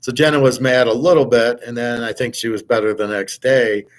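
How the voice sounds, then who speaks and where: A man's voice: medium pitch, steady tone, a little fast. A middle-aged man telling a personal story in a casual monologue, blunt and profane, often restarting his sentences and heatedly quoting what he told others. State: aching back, jet-lagged. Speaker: host.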